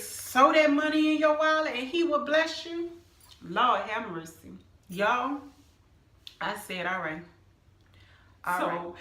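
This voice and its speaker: Woman, middle-aged, emphatic storyteller, bright tone, roomy echo. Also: mid-range voice. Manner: animated, emphatic, addresses viewers as "y'all". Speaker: vlogger sharing a personal testimony. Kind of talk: casual storytelling testimony.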